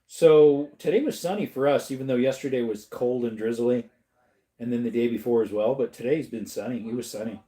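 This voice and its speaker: A man's voice: mid-range voice, a little fast, dark tone. A tired middle-aged man from Arizona, hosting a casual livestream and answering chat in a drawling, easygoing way. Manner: drawling and tired, slips into joke voices. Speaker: livestream host reading chat.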